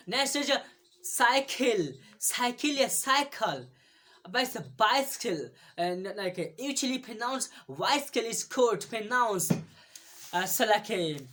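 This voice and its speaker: A woman teaching English pronunciation in a casual video lesson, halting, repeating each word many times, with frequent fillers. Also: a little high, fairly bright tone.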